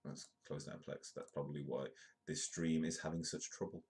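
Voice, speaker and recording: Host: hoarse British man, extremely deep voice, rambling live-stream news chat full of ums. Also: little pitch movement, normal speed, darkish tone. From United Kingdom. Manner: rambling, lots of ums and restarts, jokey asides. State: hoarse, voice sounds bad.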